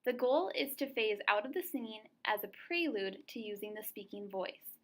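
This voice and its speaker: A young woman narrating voice therapy steps and then coaching a client through them, slow and encouraging as she models each sound. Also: mid-range voice, animated. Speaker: student clinician demonstrating therapy. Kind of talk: scripted lesson narration and role-played therapy session. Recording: echoey room with faint ambient noise.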